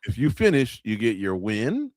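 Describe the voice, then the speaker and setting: A mid-range, darkish male voice with big pitch swings and normal speed hosts a live fight-night watch-along as a radio show host. He discusses the action conversationally, speaks directly to viewers and uses many filler words. The recording is dry and studio-clean.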